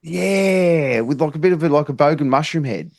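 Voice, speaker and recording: A man's voice: a little high, lively intonation, normal speed, creaky, a little mellow, no echo. A man co-hosting a casual music reaction, chiming in with short, keen agreements.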